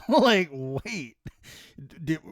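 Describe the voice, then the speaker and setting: A man co-hosting a casual podcast chat, laid-back and profane, with quick reactions. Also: a little high, very animated, no echo, clean studio sound. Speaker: podcast co-host.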